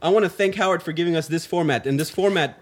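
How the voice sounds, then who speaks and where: A man hosting a casual radio talk show, talking loudly and emphatically. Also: fairly high pitch, fast talker. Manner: loud, emphatic, talks over others. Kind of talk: casual chat.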